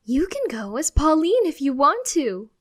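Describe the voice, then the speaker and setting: A woman voicing a cheerful, doting mother who is gentle and coaxing, then eager and excited. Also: a little high, moderate pace, voice pushed up, lightly acted.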